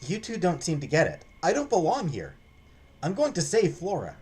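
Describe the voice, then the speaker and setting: Game voice: a man doing a stubborn young adventurer, urgent and defiant, husky and animated. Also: sits high, moderate pace, heavily acted. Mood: frantic.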